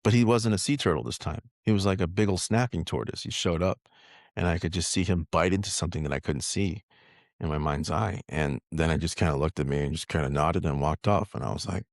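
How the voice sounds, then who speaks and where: A man co-hosting a casual spiritual podcast, telling a story in a relaxed, easygoing way. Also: low voice, fairly quick, gravelly, no room sound, clean studio sound. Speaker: podcast co-host.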